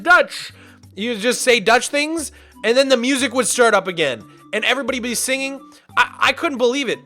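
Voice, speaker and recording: A man streaming and telling a story in a casual, rambling way, animated and full of "like" and restarts. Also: high voice. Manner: animated, rambling, repeats himself, lots of "like".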